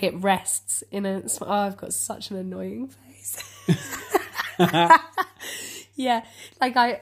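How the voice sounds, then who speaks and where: A woman in her early twenties in casual chat, chatty and self-deprecating, often laughing at herself. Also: mid-range voice. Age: 20s.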